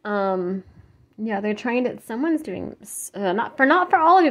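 A woman's voice: fairly high pitch, big pitch swings, moderate pace, slight background noise. A woman giving a casual psychic tarot reading, talking in a rambling, earnest way with many restarts and fillers, and openly moved as she speaks. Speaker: tarot reader.

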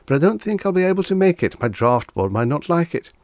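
A jittery, foppish young gentleman, as a male narrator puts him on, his voice climbing high as he stammers out excuses. He sounds flustered and eager to get away. The recording is dry and close. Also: sing-song, fast talker, no room sound. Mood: uneasy. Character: nervous foppish young man-about-town.

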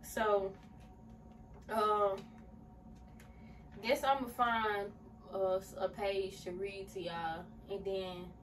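A woman's voice: mid-range voice, fairly even intonation, very slow, long pauses, recorded from a distance. A young woman talks straight to her viewers in a loose, rambling vlog style, full of likes and ums. She sits a little way back from the mic, and a faint hiss runs under her voice. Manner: rambling, filler-heavy, addresses viewers as y'all. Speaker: vlogger. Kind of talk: casual vlog talk.

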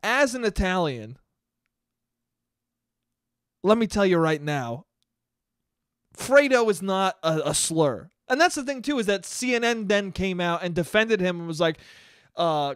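A young man hosting a solo comedy podcast, talking in a profane, animated rant and laughing at his own jokes. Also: high voice, normal speed, smooth, no echo, clean studio sound. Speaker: podcast host.

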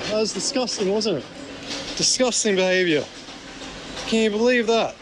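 High-pitched indignant man. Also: lively intonation, normal speed, long pauses, background noise. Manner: indignant, argumentative, repeats himself. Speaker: vlogger filming himself. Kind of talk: confrontational street filming. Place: bank branch lobby, indoors.

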